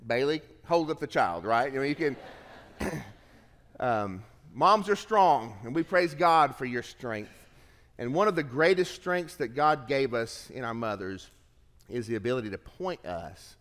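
A man preaching a sermon as pastor, reading scripture aloud with lively shifts of pace and emphasis. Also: medium pitch, long reverb tail.

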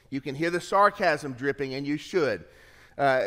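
A man preaching a sermon as pastor, reading scripture aloud with lively shifts of pace and emphasis. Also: fairly high pitch, measured pace, in a large hall.

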